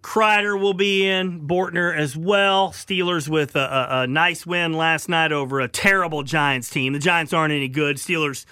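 Bright-voiced man hosting sports radio. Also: a little high, normal speed, hardly any pauses, clear, resonant tone, dry recording, clean studio sound. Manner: animated, laughs easily, asks questions. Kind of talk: sports talk radio chat.

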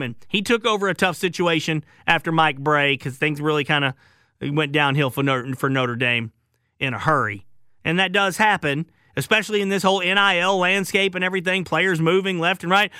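A man's voice: high voice, bright, forceful tone, no room sound. A male sports radio host giving opinionated, emphatic call-in talk into a studio microphone.

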